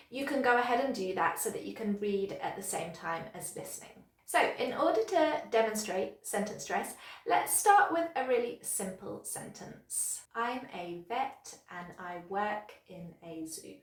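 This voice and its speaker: Female online English teacher, clear demonstrative delivery, slightly high pitch, roomy sound. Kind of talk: online pronunciation lesson.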